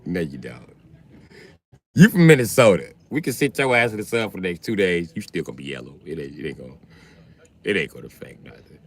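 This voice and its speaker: This livestream host has a low, creaky voice and talks quickly and animatedly. He delivers a crude comedic rant, teasing his chat and riffing on what they post.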